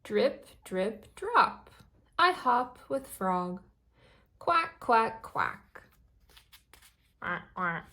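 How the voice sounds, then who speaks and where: A woman's voice: on the high side, very animated, extremely slow, pauses often, sharp tone, heavily acted. Ducky, a woman reading as a cheerful little duckling. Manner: sing-song storybook reading.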